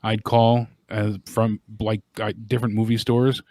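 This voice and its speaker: A man co-hosting a casual talk show, telling stories in a quick, amused way. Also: lowish voice, level tone, dark tone, no echo. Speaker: co-host. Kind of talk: casual chat.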